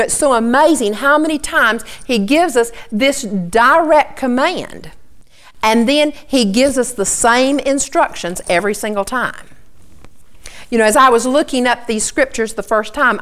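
A middle-aged woman preaching in a somewhat high voice. She teaches earnestly and steadily, walking her listeners through scripture passage by passage. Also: a bit bright. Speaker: Bible teacher. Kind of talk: sermon.

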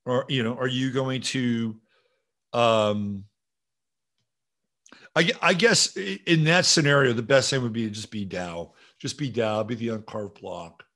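Male livestream host, mid-pitched, casual and profane, rambling while reading chat. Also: a little slow, fairly bright tone. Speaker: show host. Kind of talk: livestream talk reading viewer comments.

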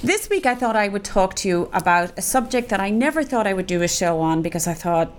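A woman's voice: mid-range voice, expressive, fairly quick. A woman hosting a podcast from a studio, chatting casually and rambling with plenty of fillers. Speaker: podcast host. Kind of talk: casual chat.

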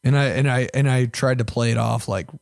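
A young man hosting a podcast, telling crude, self-mocking stories in a casual way and swinging between loud and quiet. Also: medium pitch, a little fast, creaky, dry recording, studio quality. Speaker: podcast host. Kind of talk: casual storytelling.

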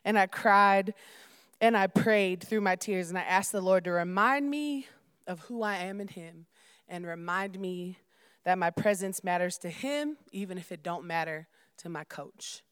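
Young woman preacher: casual sermon, smooth clear voice, dry close sound. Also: lowish voice, measured pace, fairly bright tone, no room sound. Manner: informal, addresses listeners as y'all, prays and reads aloud.

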